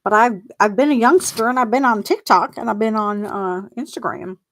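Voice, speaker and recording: A woman's voice: on the high side, moderate pace, poor audio. A middle-aged woman, a mindset coach, hosting a casual live stream at her computer. She rambles and laughs at herself while chewing gum, talking into a desk mic. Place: at a table with her computer, indoors. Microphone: plug-in desk mic.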